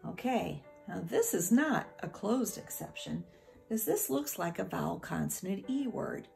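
A woman's voice: mid-range voice, very animated, unhurried, vocal fry, darkish tone, soft background music. A woman teacher giving a phonics lesson to young children, speaking patiently, sounding out the parts of words and sometimes dropping to a whisper.

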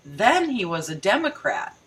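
Bright-voiced woman reading news sarcastically. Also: medium pitch, sing-song, unhurried, rough recording. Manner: mocking, rereads lines for emphasis. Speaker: video commentator.

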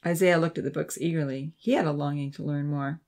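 Steady, gravelly storybook narrator, male. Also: a little high, a little fast. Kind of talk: audiobook narration.

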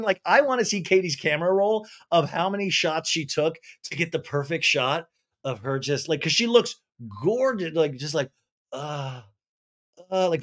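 Man, podcast host, tipsy, rambling, animated, casual TV recap, slightly high-pitched.

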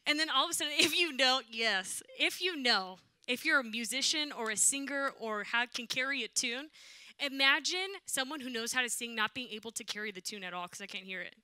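Animated young woman telling a church testimony. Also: high voice, brisk, clean tone, dry recording. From Southern California, USA. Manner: animated, acts out quoted voices. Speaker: worship leader. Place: church sanctuary.

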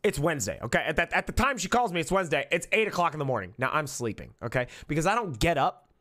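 Young male streamer, slightly high voice, brash and profane, jokey live chat with sudden shouts. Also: sing-song, fast. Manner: loud, profane, jokey, swings between shouts and mutters. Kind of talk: casual livestream chat.

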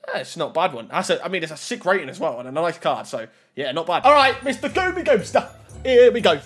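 A young man giving casual, excitable commentary while opening game packs, shouting at good pulls and muttering at bad ones. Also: high-pitched, fast talker, faint music behind. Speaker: gaming YouTuber.

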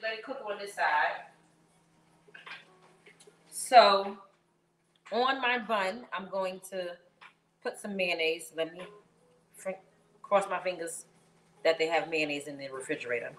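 A woman's voice: on the low side, a little slow, pauses often, fairly bright tone, reverberant, slight background noise, rough recording. A woman chatting playfully with viewers as she cooks in someone else's kitchen. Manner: playful, sing-song, talks to viewers as y'all. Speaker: cooking vlogger. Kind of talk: casual cooking vlog chat.

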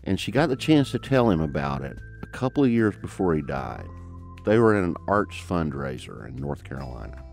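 A man's voice: extremely low pitch, sing-song, moderate pace, gravelly, a little mellow. A man in his fifties with a Southern mountain twang, hosting and narrating a podcast in a storytelling way. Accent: Southern American mountain twang. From American South. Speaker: podcast host. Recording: dry studio voice with music underneath.

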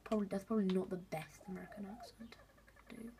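A woman's voice: mid-range voice, fairly even intonation, fast, warm tone, slight background noise. A woman hosting a gaming video, chatting casually and rambling to viewers as she plays. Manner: chatty, rambling, talks to viewers while playing. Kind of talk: casual gameplay commentary.

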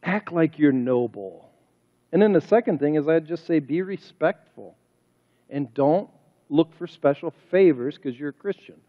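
Speaking at normal speed, a pastor with a slightly high, expressive voice delivers an emphatic sermon full of rhetorical questions. The church sanctuary recording is reverberant and dull, with a lo-fi feel.

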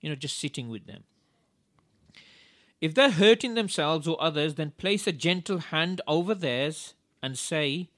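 Higher-voiced man giving steady parenting advice. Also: moderate pace, dry recording, clean studio sound. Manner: steady, instructive, repeats key steps. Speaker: radio co-host.

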